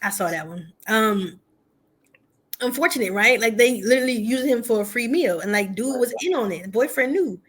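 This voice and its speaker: A woman's voice: a little high, animated, normal speed, fairly bright tone, slightly rough. A woman co-hosting a casual talk show about dating, candid and chatty, often adding fillers and asides. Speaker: podcast co-host. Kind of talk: casual chat.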